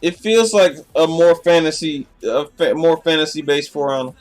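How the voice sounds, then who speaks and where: A man on the high side, speaking at normal speed over faint background music, streams a casual live reaction. Drowsy and yawning, he keeps chatting and often restarts what he's saying.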